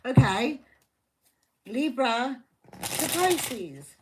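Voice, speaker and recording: A woman's voice: fairly high pitch, lively intonation, takes it slowly, fairly bright tone, a little hiss or hum. Fired-up, foul-mouthed woman tarot reader. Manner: heated, swears constantly; fiercely protective of the viewer. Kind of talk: live tarot reading stream.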